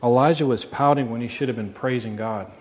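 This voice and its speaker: A man's voice: medium pitch, fairly quick, darkish tone. Male pastor preaching earnestly; mid-range voice, lingering hall echo. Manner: earnest preaching, asks the congregation questions. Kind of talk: sermon. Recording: long reverb.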